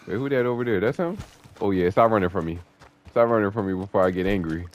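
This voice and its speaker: A young man commentating his online gameplay, taunting and cursing at opponents in an excitable, profane way. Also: fairly low pitch, quick pace. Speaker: gamer streaming online play. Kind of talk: trash-talking gameplay commentary.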